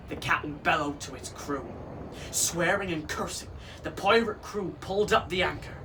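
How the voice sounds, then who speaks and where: A man performing as a pirate king, reading a storybook aloud to children in a slow, expressive way. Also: high voice. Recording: voice from some distance off with faint hiss.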